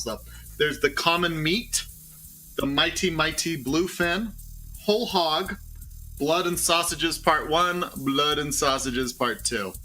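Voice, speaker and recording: A man's voice: on the high side, sharp tone, rough recording. A man co-hosting a podcast, casually summarizing a comic book plot with lots of fillers and asides. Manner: rambling, with many fillers. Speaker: podcast co-host.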